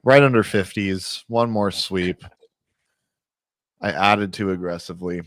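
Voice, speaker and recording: A man hosting a live trading stream in casual chat, excitable and swearing, calling out names like a race announcer. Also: low voice, measured pace, no echo.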